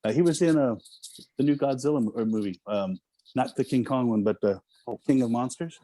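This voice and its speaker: A man's voice: mid-range voice, fairly quick, mellow. A man guesting on a talk show as an actor, talking casually and self-deprecatingly with many fillers. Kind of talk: casual interview chat.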